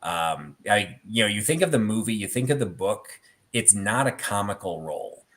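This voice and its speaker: A middle-aged man with a fairly low voice hosts a relaxed talk. He rambles through anecdotes, sprinkling in "um" and "you know" as he goes. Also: moderate pace. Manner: rambling storyteller with many fillers. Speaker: host. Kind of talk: casual chat about theatre collectibles.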